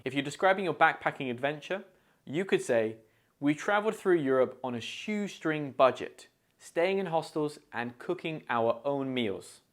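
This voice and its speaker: A man with a British accent presenting a scripted English idiom lesson, explaining each phrase clearly and modelling its pronunciation. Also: mid-range voice. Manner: clear, deliberate, pronunciation-focused teaching. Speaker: English teacher.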